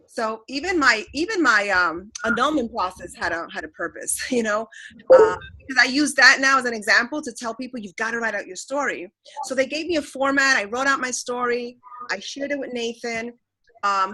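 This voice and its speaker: A woman's voice: a little high, bright, forceful tone, rough recording. A woman speaking on a motivational team call, telling her own story in a candid, filler-filled way. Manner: candid, fast, full of fillers. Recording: conference call.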